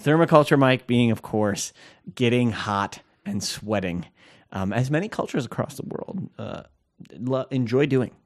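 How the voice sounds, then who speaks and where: A man in his thirties of Scandinavian heritage, speaking at medium pitch with an animated, measured delivery. He co-hosts a podcast and trades casual banter, chatty and rambling, full of fillers and quick to laugh.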